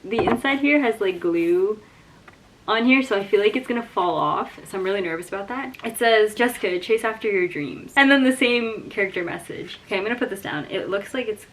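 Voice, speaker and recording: A young woman vlogging a book unboxing, gushing and emotional, jumping from excited squeals to hushed whispers. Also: medium pitch, fairly quick. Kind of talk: casual unboxing vlog. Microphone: camera mic.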